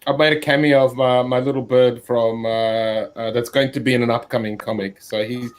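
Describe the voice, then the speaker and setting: A man chatting casually about his drawing, rambling and self-deprecating, with many halting restarts. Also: mid-range voice, fairly even intonation. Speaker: comic artist on a live stream. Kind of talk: casual chat.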